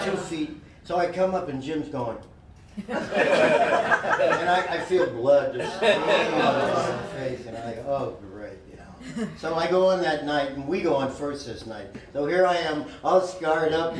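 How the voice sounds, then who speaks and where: A man telling a casual tour story in an animated way, laughing often. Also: medium pitch. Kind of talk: casual anecdote. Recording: echoey, distant, noisy room.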